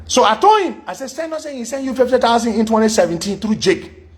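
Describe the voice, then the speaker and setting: A man's voice: extremely high pitch, fast talker. A middle-aged man, hosting a radio talk show and telling a long story, acting out the voices of the people he quotes. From Liberia. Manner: animated, acts out quoted dialogue in shifting voices. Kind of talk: storytelling monologue.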